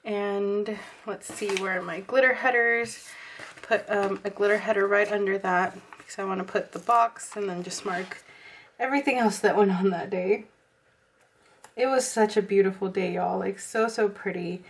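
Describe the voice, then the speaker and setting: A young woman from Texas, slightly hoarse, chatting casually to viewers about her planner and filling her talk with likes and ums. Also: mid-range voice, steady tone, moderate pace, a little hiss or hum. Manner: chatty, many fillers, addresses viewers as y'all. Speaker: planner vlogger.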